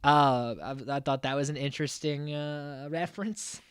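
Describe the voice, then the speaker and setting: A man hosting a casual podcast, recapping a reality show in an animated, exasperated way and swearing freely. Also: a little high, normal speed, smooth, no room sound, clean studio sound. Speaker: podcast host.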